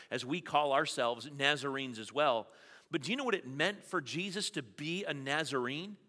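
Male pastor, bright and fairly high voice, conversational sermon with joking asides, long church reverb. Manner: conversational preaching with playful asides. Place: church sanctuary.

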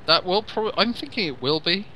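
A man co-commentating on gameplay with excitable, joking banter. His voice is bright and forward. He trades quips freely. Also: high-pitched, moderate pace, slight background noise. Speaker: co-host.

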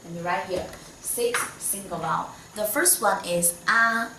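A woman's voice: mid-range voice, a little slow, far from the mic, background noise. A woman from China with a Chinese accent, patiently teaching a Mandarin lesson in English and modelling the tones. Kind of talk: online language lesson. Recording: echoey room, voice slightly off-mic.

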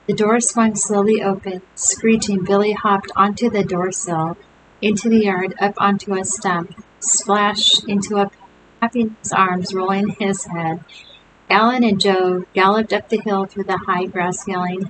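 A woman reads a children's chapter book aloud, giving the story an expressive lilt. Her voice sits at a middle pitch. A steady hiss runs under the whole recording. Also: a little slow.

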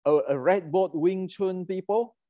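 A man's voice: high-pitched, measured pace, no room sound, narrow, tinny audio. Heated man. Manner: heated, ranting, many restarts and fillers. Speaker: martial arts channel host. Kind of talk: casual lecture.

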